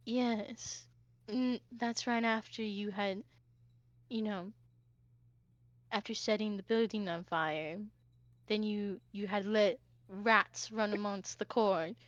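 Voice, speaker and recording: A woman voicing a weary, exasperated female gatekeeper who talks low and sighs. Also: unhurried, no echo, lo-fi sound. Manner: sighing, low and flat. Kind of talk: tabletop role-play voicing.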